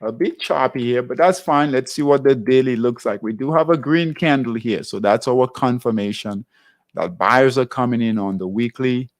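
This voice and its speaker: A man's voice: mid-range voice, moderate pace. A man hosting a live trading class, walking through charts in a conversational way and often checking in with his viewers. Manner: conversational, keeps checking in with "all right?". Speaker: trading show host.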